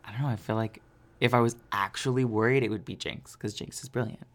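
Female co-host, very deep voice, laid-back rambling chat. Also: fast. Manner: relaxed, rambling, lots of "like". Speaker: podcast co-host. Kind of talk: casual chat.

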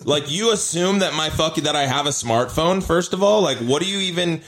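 A man hosting a casual podcast chat, cursing freely and telling stories with animated energy. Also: a little high, brisk, slight background noise. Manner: profane, animated storytelling. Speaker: podcast host.

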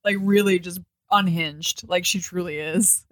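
A woman's voice: on the low side, fairly even intonation, unhurried, dry recording, clean studio sound. A young adult woman co-hosting a podcast, chatting casually about a film, laughing often and swearing freely. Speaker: podcast co-host. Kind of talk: casual movie commentary chat.

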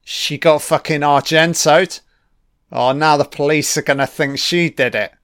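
A man's voice: a little high, fairly even intonation, unhurried, fairly bright tone, no room sound, clean studio sound. A man giving casual, sarcastic film commentary, swearing constantly and mocking what is on screen. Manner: sarcastic, heavily profane, mocking.

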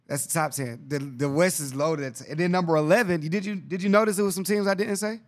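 Excitable man chatting casually about basketball. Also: a little high, quick pace. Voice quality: excitable, slangy, repeats himself. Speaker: podcast host.

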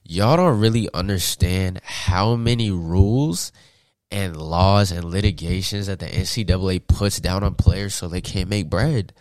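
A young man from Atlanta, a podcast guest, telling stories in a casual, slangy, animated way and laughing often. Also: low-pitched, measured pace, no echo, studio quality. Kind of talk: casual storytelling.

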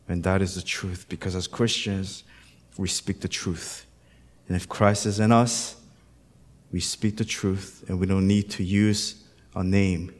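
A man, a pastor, preaching a sermon in a conversational way with storytelling asides. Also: sits low.

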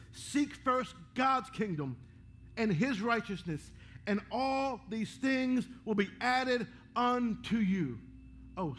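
Guy pastor preaching hard, high voice, calls out to the crowd, some faint church ambience. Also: fairly bright tone, slight background noise. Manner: preaching with rising fervor, calling out to the congregation. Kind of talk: sermon. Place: church sanctuary.

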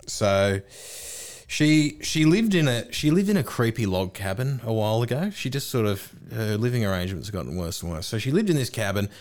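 A man's voice: lowish voice, expressive, brisk, darkish tone. Sweary man telling stories. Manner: storytelling, laughing through anecdotes, sweary. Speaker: podcast co-host. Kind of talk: casual chat.

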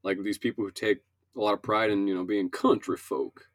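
A man's voice: lowish voice, steady tone, a little fast, dry recording. A man from Minnesota co-hosting a casual chat podcast, explaining his points at length in a loose, rambling way. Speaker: podcast co-host.

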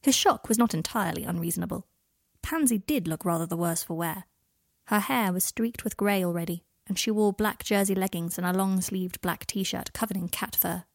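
A woman reading a story aloud in a soft, low-key narrating voice, recorded close in a dry room. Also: moderate pace, gravelly, no room sound. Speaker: audiobook reader. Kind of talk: fan fiction reading.

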